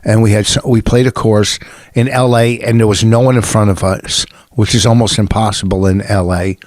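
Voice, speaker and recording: A man's voice: on the low side, steady tone, normal speed, a little mellow, no echo. A man co-hosting a comedy podcast, telling long, rambling anecdotes in casual banter.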